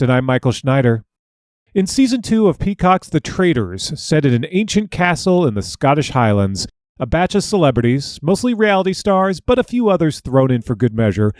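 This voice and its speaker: A man hosting a podcast, reading a smooth scripted introduction of the show and its guest. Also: medium pitch, darkish tone, dry recording. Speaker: podcast host.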